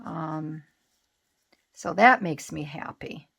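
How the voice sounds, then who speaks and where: Middle-aged woman, slightly low voice, chatty craft vlogger who rambles and restarts. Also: slow pace, gravelly, fairly bright tone, husky. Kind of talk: casual chat while crafting.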